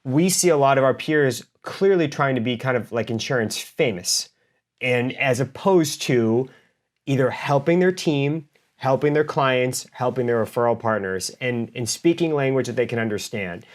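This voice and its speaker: A man's voice: mid-range voice, normal speed. A man hosting a podcast, asking long, enthusiastic, rambling questions. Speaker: podcast host. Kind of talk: casual interview chat.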